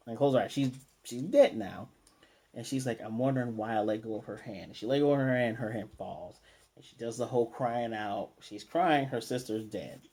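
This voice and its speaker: A man's voice: mid-range voice, moderate pace, mellow, slightly rough. A man casually recapping an anime episode, retelling the scenes loosely and quoting characters as he goes. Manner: loose retelling with quoted lines and restarts. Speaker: anime reviewer.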